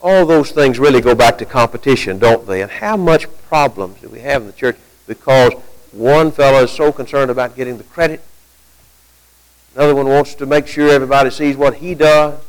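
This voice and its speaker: Speaking fairly quickly, a man preaches conversationally, asking rhetorical questions and getting louder and higher when reciting scripture, all on a rough recording.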